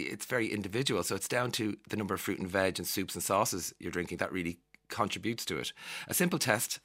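Irish guy on the radio going through news bits, chatty, jokes at himself, lowish voice. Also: sharp tone. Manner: chatty and self-mocking, laughs while reading. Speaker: radio host.

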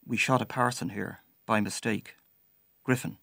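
A man voicing an agitated elderly man with a thick Yorkshire accent, speaking in a hushed, halting way. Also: mid-range voice, expressive, dry recording, studio quality, lightly acted.

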